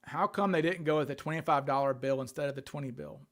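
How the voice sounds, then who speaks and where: A man's voice: a little high, fast talker, fairly bright tone. A man hosting a casual livestream, thinking aloud and answering questions from viewer chat. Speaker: livestream host.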